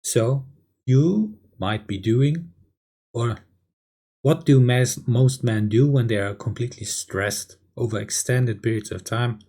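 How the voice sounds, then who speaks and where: Gravelly, husky man ranting bluntly. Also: medium pitch, takes it slowly, dark tone. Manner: blunt, crude, lecturing, with frequent "yeah?" tags. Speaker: video creator. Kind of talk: ranting monologue.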